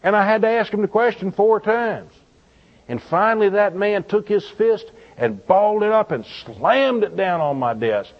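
A man preaching, telling a marriage counseling story and acting out the people in it with lively quoted voices. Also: high-pitched, normal speed. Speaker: pastor. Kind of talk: storytelling sermon. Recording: dull lo-fi recording.

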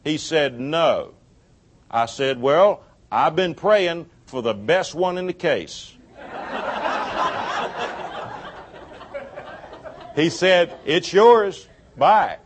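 A middle-aged man gives a sermon, relating a personal story full of lively quoted exchanges and laughing at his own wisecracks. He talks slowly in a slightly high voice, and the recording has a noisy background.

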